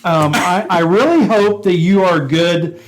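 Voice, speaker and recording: A man's voice: high voice, measured pace, a little hiss or hum, poor audio. A man, a former police officer co-hosting a podcast, telling a story in casual chat, laughing often and acting out the quotes.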